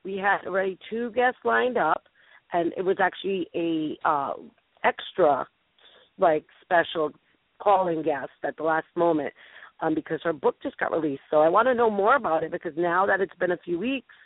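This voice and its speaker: A woman's voice: on the low side, normal speed, no room sound. Bubbly, rambling female talk-show host; dry, narrow phone-line sound. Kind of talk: casual talk-radio chat.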